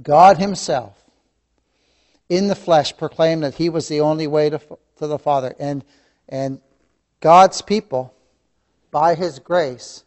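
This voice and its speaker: Man, fervent Bible teacher with a slightly high voice; big swings from loud emphasis to near-whispers, repeats his points. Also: slow pace, pauses often. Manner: impassioned, swings from loud emphasis to hushed asides; calls listeners "beloved", repeats key phrases. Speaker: Sunday school teacher. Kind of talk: preaching a Bible lesson.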